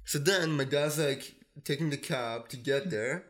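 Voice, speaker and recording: A man's voice: medium pitch, measured pace, a bit bright. A man telling a long anecdote on a podcast, filling almost every phrase with "like" and acting out what his family said. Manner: rambling storyteller, says "like" constantly, acts out family voices. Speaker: podcast guest. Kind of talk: casual storytelling.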